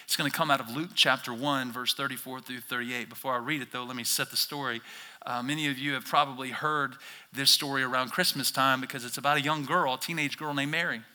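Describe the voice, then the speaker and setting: A male pastor preaching an energetic sermon in church, swinging from quiet explanation to shouted bursts as he acts out listeners' reactions. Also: mid-range voice, quick pace.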